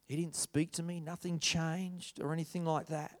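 A young man telling his life story as an earnest testimony, moving between loud, animated stretches and hushed, quiet ones. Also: fairly high pitch, normal speed. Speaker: speaker sharing a personal testimony. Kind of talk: testimony talk.

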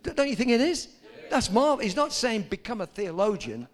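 An older man preaching a sermon, telling stories and rising to loud, emphatic peaks. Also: very high-pitched, sing-song, brisk. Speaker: pastor.

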